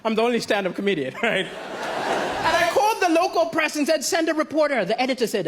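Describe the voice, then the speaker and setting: A man from Malawi doing a stand-up comedy set, telling deadpan stories with punchlines on a big theatre stage. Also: extremely high pitch, fairly quick, noisy background. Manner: deadpan storytelling, punchlines to a laughing crowd. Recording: loud live crowd and applause in a big theatre.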